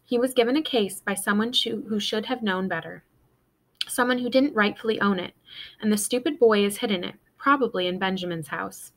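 A woman's voice: medium pitch, brisk, natural voice, low-quality recording. A woman voicing a spiteful old grandmother who speaks coldly. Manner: cold, sneering.

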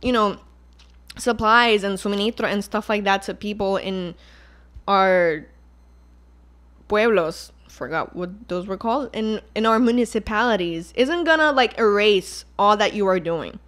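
At a measured pace, a young woman from Puerto Rico with a medium-pitched, slightly bright voice hosts a casual podcast by herself. Speaking in a Puerto Rican accent, she vents in a heated, exasperated way, swearing and weaving Spanish into her English.

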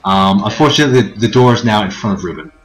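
Low-voiced man running a tabletop game. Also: lively intonation, faint music behind. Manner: thinks aloud with many fillers and pauses. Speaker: game master.

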